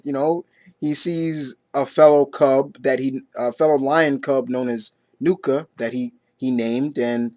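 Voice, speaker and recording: A man's voice: mid-range voice, darkish tone, dry recording. A man giving a casual comic book review, rambling and stumbling through his retelling with lots of fillers.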